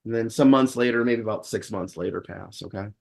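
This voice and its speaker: A man's voice: lowish voice, a little fast, gravelly, a little mellow. A man who is a guest on a podcast, telling a story in a wry, rambling way and acting out the dialogue he quotes. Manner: rambling with frequent restarts. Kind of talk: casual storytelling in conversation.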